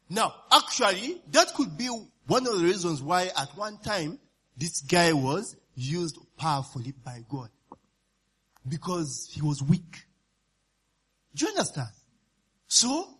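Preacher guy, high husky voice, keeps going "eh? you understand?", laughs a lot. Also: a bit bright. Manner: call-and-response asides, often asks "you understand?" and "eh?", laughs while preaching. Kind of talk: sermon.

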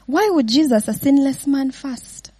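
A woman's voice: on the high side, lively intonation, slow, darkish tone. A woman giving an informal Bible teaching, often laughing and checking in with her listeners with "yeah?" and "right?".

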